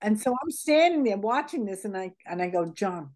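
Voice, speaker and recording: Woman guest, mid-pitched, chatty storyteller who laughs often and mimics the people in her stories. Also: brisk. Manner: animated, laughs often, acts out quoted dialogue. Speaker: interview guest. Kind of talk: casual anecdotal storytelling.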